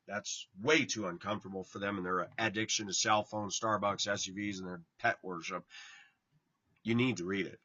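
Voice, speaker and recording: A man giving a blunt, informal sermon to his online viewers, tired and yawning, his voice swinging from loud to hushed. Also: fairly low pitch, fairly even intonation, moderate pace, no echo, dull audio. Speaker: online preacher.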